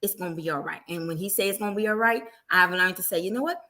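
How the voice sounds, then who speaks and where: A middle-aged woman, a guest evangelist, sharing her faith and life in a casual, animated way. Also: on the low side, fast. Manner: animated storytelling, acting out everyday quotes.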